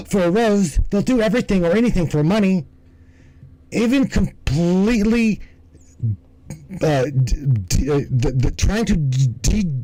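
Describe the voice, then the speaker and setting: A man's voice: high voice, warm tone, no room sound, poor audio. A man hosting a livestream in casual commentary, rambling and swearing, often stumbling and restarting his words. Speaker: livestream host.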